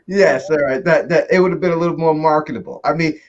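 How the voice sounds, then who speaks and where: Host, man, fairly high voice, jokey and lively, dull call audio. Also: fast talker, a little hiss or hum. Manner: animated, joking, laughs often. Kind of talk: casual video chat.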